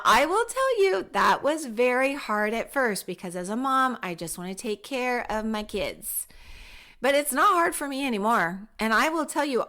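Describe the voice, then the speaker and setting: A middle-aged woman hosts a parenting podcast in an upbeat, encouraging way, her voice sitting a little high. She acts out small quotes by jumping up in pitch, then settles back into friendly advice. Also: pushed and bright. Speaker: podcast host.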